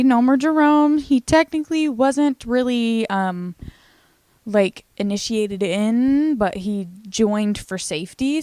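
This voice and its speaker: A young woman casually recapping a TV series in a chatty, animated way, swearing now and then. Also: medium pitch, no echo. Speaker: recap vlogger.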